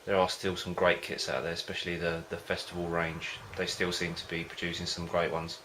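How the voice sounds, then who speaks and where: This home-brewing vlogger speaks in a low, even voice confined to a narrow band, his tone bright and forward. Talking casually to camera a little quickly, he rambles, hesitates and loses track of what he's saying, over a faint hiss or hum.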